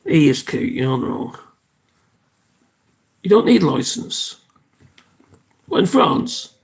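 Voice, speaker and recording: Chatty live-stream host, slightly high and gravelly, rambles and restarts. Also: male voice, big pitch swings, slow. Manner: rambling, chatty, self-interrupting; thanks viewers and signs off cheerily. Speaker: livestream host. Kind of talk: casual live-stream chat.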